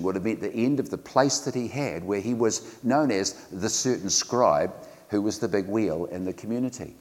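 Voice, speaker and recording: Low-voiced New man preaching in a church. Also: normal speed, darkish tone, in a large hall. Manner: earnest, conversational preaching with frequent fillers and restarts. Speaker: pastor. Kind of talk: sermon.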